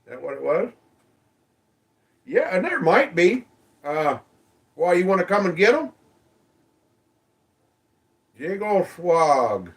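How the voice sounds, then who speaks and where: A man chats through a livestream at a slow, easygoing pace, calling out viewers by name. His voice sits a little high. He sounds a bit off-mic, as if the phone is set down in front of him. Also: very animated, gravelly, far from the mic. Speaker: livestream host. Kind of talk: casual livestream chat reading comments.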